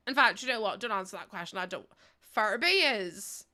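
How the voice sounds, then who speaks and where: Bright, giggly woman streamer. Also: mid-range voice, expressive, normal speed. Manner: giggly, rambling and playful, chatting to viewers. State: sleepy. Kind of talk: casual livestream chat.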